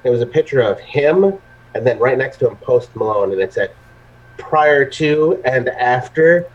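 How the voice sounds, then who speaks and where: A man's voice: mid-range voice, expressive, brisk, husky. Swearing man, muffled lo-fi sound. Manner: laughing storyteller who swears constantly. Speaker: host of a live vaping show. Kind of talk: casual live-stream chat. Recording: muffled lo-fi audio.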